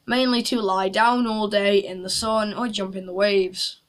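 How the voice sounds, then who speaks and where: Slow-talking jokey young woman. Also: mid-range voice, steady tone. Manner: chatty, jokey asides to viewers. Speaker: YouTuber. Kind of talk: casual vlog chat.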